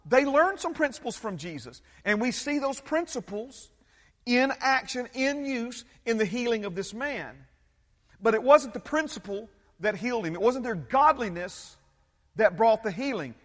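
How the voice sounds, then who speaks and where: High-voiced preacher in echoing hall. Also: male voice, very animated, normal speed, a bit bright. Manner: emphatic, repetitive, questioning the congregation. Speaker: pastor. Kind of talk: sermon. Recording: long hall reverb.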